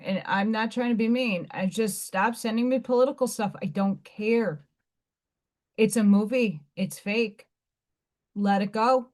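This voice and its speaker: A woman hosting her own live stream talks in a loose, rambling way, restarting her sentences and dropping blunt asides. Her voice sits fairly high, and she takes her time between phrases. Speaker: livestream host. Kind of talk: casual live-stream chat.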